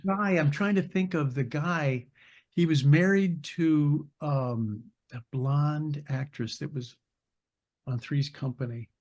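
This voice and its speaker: A man's voice: on the high side, slow, a little mellow, highs cut off. Older man telling rambling anecdotes. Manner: rambling, searches for names, laughs while telling stories. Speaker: actor, interview guest. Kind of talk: casual anecdotal storytelling.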